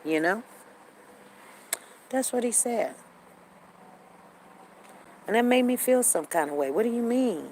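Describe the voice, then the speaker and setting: A woman's voice: a little high, lively intonation, takes it slowly, long pauses, darkish tone, rough recording. Woman host, forties, storytelling to the audience, repeats lines, faint road noise. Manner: conversational, repeats herself, acts out quoted lines. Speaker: show host. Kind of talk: casual storytelling to viewers.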